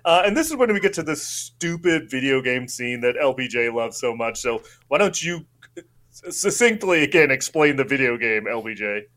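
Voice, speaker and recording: A man's voice: mid-range voice, lively intonation, normal speed, fairly bright tone. A man co-hosting a casual movie chat, recapping the plot with lots of fillers. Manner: rambling recap with many fillers and likes. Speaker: podcast co-host recapping the plot.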